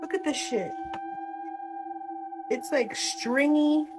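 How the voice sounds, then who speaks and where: A woman's voice: sits high, takes it slowly, loud music behind the voice. A woman commenting casually on a video, incredulous and disgusted.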